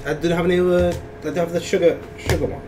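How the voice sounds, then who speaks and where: A man co-hosting a live stream in a relaxed, easygoing way. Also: on the high side, racing, over music. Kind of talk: casual chat on a live stream. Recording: distant mic with air-conditioning hum.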